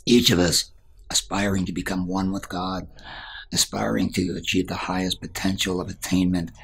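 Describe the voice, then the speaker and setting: Man, spiritual teacher, earnest storytelling, very husky, deep voice. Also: little pitch movement, moderate pace, a bit bright. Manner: earnest storyteller, drops to a whisper at times.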